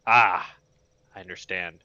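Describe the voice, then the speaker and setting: A man's voice: low-pitched, steady tone, unhurried, sharp tone, no echo. A man playing in a tabletop game, giving grand, solemn lines in character. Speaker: player. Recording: dull lo-fi mic.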